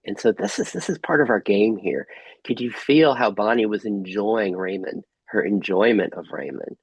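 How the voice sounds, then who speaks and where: A man leads a group workshop over a video call. His voice is low and husky, and the sound is dry and close. He asks gentle, inviting questions. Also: expressive, moderate pace, dry recording, rough recording. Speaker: workshop facilitator. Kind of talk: guided group workshop facilitation.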